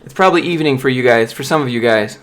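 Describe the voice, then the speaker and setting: A young software developer streams casually, reading viewer chat and answering bluntly and motivationally. His medium-pitched voice is rapid-fire with a fairly bright tone.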